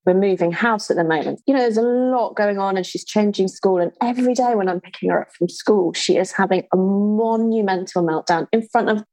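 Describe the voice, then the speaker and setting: A woman's voice: mid-range voice, fairly quick, few pauses, dark tone, no room sound, rough recording. A woman hosting an interview, speaking thoughtfully and in a casual, reflective way. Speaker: podcast host.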